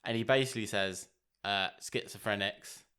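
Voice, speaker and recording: A man's voice: mid-range voice, expressive, normal speed, a bit bright. Guy on a film podcast, chatty, acting out bits of the plot. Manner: retells movie scenes, acting out lines. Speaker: podcast co-host. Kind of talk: casual film chat.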